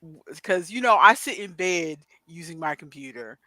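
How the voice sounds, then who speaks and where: A woman's voice: on the low side, lively intonation, normal speed, pushed and bright, no room sound. A middle-aged woman co-hosting a podcast over a video call, rambling chattily with many asides. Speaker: podcast co-host. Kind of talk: casual chat.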